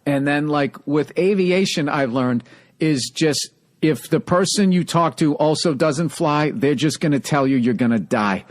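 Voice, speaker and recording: A man with a Boston accent hosting a podcast, telling stories in casual, profane, animated chat. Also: a little high, a little slow, dry recording. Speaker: podcast host.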